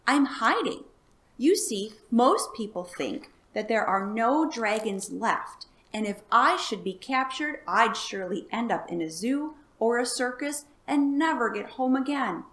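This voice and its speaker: A woman's voice: fairly high pitch, animated, unhurried, fairly bright tone, roomy sound. A woman voicing a friendly young male baby dragon, explaining earnestly.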